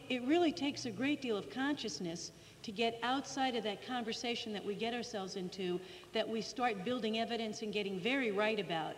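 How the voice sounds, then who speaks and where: A woman co-leading a talk to a live group, direct and emphatic as she explains. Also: fairly high pitch. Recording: reverberant hall.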